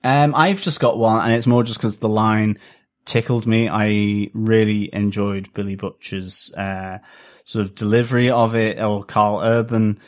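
A man's voice: lowish voice, fairly even intonation, unhurried. A man co-hosting a podcast, talking through a show in a loose, hesitant way and chuckling often. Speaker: podcast co-host. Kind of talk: casual review chat.

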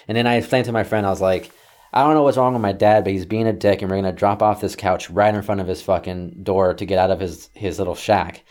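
Profane, animated young man telling a story. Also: deep voice, quick pace, few pauses. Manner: profane, animated, acts out yelling quotes. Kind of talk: casual storytelling.

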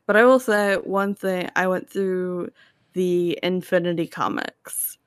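Brief: woman panelist, thoughtful and measured, mildly critical, dry close sound. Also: on the low side, steady tone, clear, resonant tone, dry recording. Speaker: podcast panelist. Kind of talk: casual chat.

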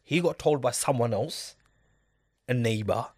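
A man's voice: medium pitch, unhurried, darkish tone. A man in a casual discussion, speaking emphatically and often asking his listener if he gets it. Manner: emphatic, keeps asking "do you get it?".

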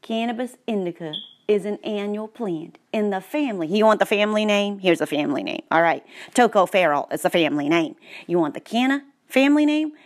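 A woman's voice: medium pitch, expressive, brisk. A woman reading technical text aloud, with playful, sarcastic asides. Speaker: vlogger. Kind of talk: joking read-aloud commentary.

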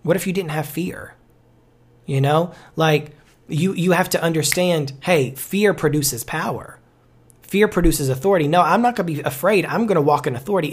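A man speaking as a life coach on a podcast, preachy and emphatic, repeating key phrases. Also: a little high. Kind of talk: motivational podcast talk.

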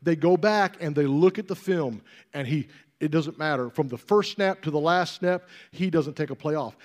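A man with a strikingly high voice delivers a sermon from the pulpit. He preaches emphatically, circling back over his phrases and building his volume until he is nearly shouting. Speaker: pastor.

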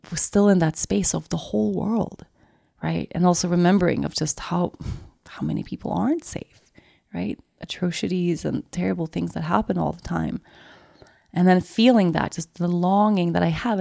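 A woman hosting a podcast, telling a personal story in a low, gravelly voice that often sinks to a whisper. She sounds intimate and confessional and comes back to the same phrases again and again. The sound is dry and close, with no room around it. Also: warm tone, dry recording. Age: adult with a daughter. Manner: emotional, confessional, repeats phrases. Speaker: podcast host.

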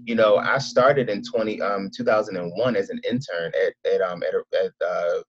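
A man's voice: lowish voice, normal speed, breathy edge. A man, chatting as an interview guest and telling rambling stories full of acted-out quotes. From Philadelphia. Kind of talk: casual interview chat. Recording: dull lo-fi sound.

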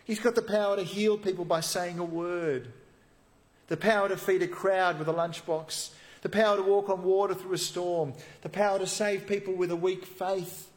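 A man preaching a sermon, animated and acting out the voices of the people in the passage he reads. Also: sits high, normal speed. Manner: animated, acts out quoted voices.

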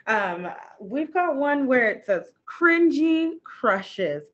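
A woman's voice: high-pitched, sing-song, slow pace, fairly bright tone, dull audio. A young woman co-hosting a podcast, chatting casually, laughing often and swearing freely. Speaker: podcast co-host. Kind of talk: casual chat.

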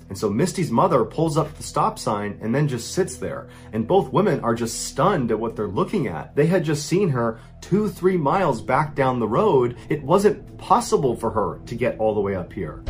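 A man narrating true scary stories, dropping his voice low for tense moments and rising sharply for panic. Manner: dramatic, hushes low for tense parts and rises for panic. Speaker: storyteller.

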